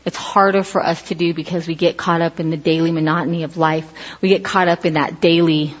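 Middle-aged woman preacher, husky voice, casual storytelling sermon, long hall reverb, dull lo-fi sound. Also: low voice, a little fast. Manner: animated storytelling, acts out quoted voices.

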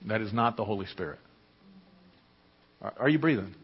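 A pastor preaching a sermon, emphatic and conversational, often asking the listeners questions. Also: male voice, fairly low pitch, lively intonation, moderate pace. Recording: echoey hall, dull lo-fi sound.

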